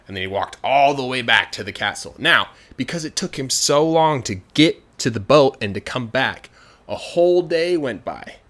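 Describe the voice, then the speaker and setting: A man's voice: mid-range voice, moderate pace. Chatty male storyteller. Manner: chatty, many fillers, grows animated. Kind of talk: casual storytelling.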